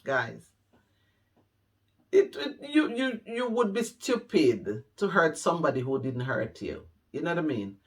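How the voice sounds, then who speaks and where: A man's voice: fairly high pitch, big pitch swings, normal speed, few pauses. A middle-aged Jamaican man telling his life story to camera, heartfelt and repeating phrases for emphasis. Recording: voice a bit distant from the mic.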